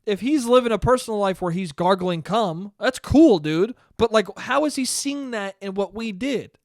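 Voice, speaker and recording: A young man telling a rambling, profane story alone on his podcast, bursting into loud outbursts. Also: high-pitched, animated, normal speed, no room sound, clean studio sound. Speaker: podcast host. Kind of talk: solo podcast monologue.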